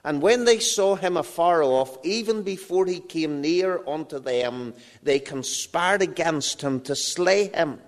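A man's voice: on the high side, measured pace, few pauses. A man preaching a sermon in a church, reading scripture and dramatically acting out the voices of biblical figures. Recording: long reverb of a large hall.

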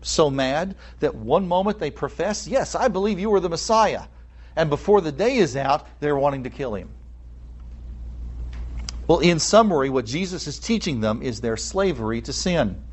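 A man preaching a sermon, explaining a text in an expressive way and acting out the people he quotes. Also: fairly high pitch, moderate pace. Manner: explanatory, with asides and fillers. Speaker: pastor.

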